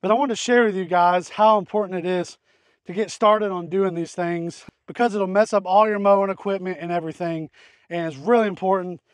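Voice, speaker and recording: A man's voice: high-pitched, steady tone, fairly quick, clean tone, dry recording. A man hosting a farm vlog outdoors, explaining pest control in a folksy, rambling way. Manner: folksy, rambling, fillers and restarts. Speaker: farm channel host. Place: outdoors in a hay field.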